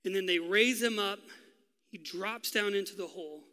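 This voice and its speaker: A male pastor preaching a sermon, telling a story with drama and dropping to a hush for key lines. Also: sits high, normal speed, clear, resonant tone, in a large hall. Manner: dramatic storytelling, swinging from loud to hushed.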